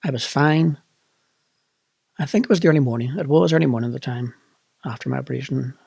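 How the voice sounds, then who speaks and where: A man's voice: medium pitch, fast, creaky, a little mellow, husky, no room sound. A middle-aged man with a Northern Irish accent, candidly recounting a personal experience in a reflective monologue. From Northern Ireland. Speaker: vlogger.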